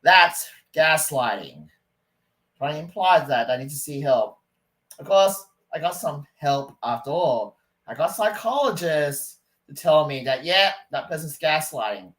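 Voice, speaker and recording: A man's voice: a little high, a bit bright, low-quality recording. A man ranting to camera in a rambling, stop-start, aggrieved way. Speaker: vlogger. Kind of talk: casual rant to camera.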